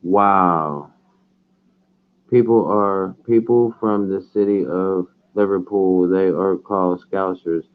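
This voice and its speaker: Male host, low voice, tinny phone-quality audio, relaxed questioning. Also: takes it slowly. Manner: easygoing, asks lots of questions. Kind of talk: casual livestream chat.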